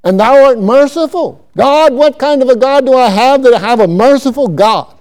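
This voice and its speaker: A man voicing an angry, hotheaded male prophet who shouts his complaints at God. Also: very high-pitched, normal speed, clean tone, voice pushed up. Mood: indignant.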